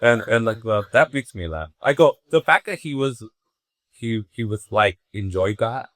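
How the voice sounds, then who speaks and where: A man's voice: on the low side, expressive, moderate pace, fairly bright tone, no room sound. A man, a stand-up comedian, chatting casually and acting out scenes in a rambling, laid-back way. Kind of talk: casual interview chat.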